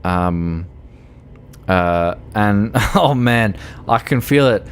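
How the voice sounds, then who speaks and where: A man's voice: fairly low pitch, expressive, drawn-out words, a little hiss or hum. A man streaming a game, tipsy, rambling and emotional, laughing often and swearing casually. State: tipsy from alcohol. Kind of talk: casual gaming stream chat.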